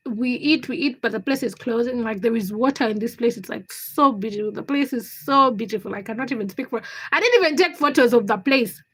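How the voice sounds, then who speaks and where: A young woman hosting a livestream, chatting to viewers and telling a story. She swings between hushed asides and excited squeals. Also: on the high side, slightly rough. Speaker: livestream host. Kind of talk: casual chat with live viewers.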